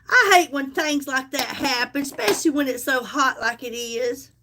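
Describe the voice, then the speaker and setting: A woman's voice: high voice, normal speed, hardly any pauses, bright, forceful tone, slight background noise. A woman with a Southern US accent chatting folksily with viewers on a casual live stream, calling them honey as she sells.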